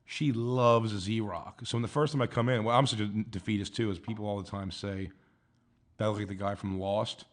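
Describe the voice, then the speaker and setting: A man, a guest comedian, rambling through stories in casual chat and acting out the people he quotes in higher voices. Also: fairly even intonation, moderate pace. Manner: rambling storyteller, acts out quotes in higher voices, laughs a lot.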